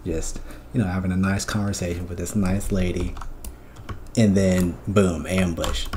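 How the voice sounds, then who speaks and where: Deep-voiced man telling a rambling story. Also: fairly even intonation, normal speed, a little mellow, slight background noise. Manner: profane, rambling storytelling with many fillers. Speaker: streamer. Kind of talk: casual chat, recounting a dream.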